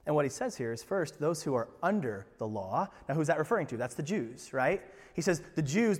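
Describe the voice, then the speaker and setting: Emphatic preacher in a reverberant hall. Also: male voice, high-pitched. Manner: emphatic, swings from quiet to loud; conversational, asks rhetorical questions. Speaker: pastor. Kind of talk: sermon.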